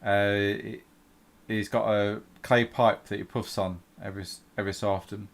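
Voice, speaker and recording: A man narrating a tabletop game as game master, in a halting way with many restarts. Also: lowish voice, little pitch movement.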